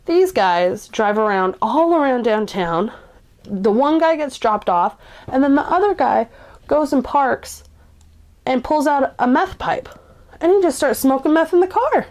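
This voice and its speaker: A woman's voice: high voice, animated, unhurried, a little mellow. A woman in her twenties, in recovery, telling a personal story in a casual, chatty way with lots of "like" and blunt swearing. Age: 20s.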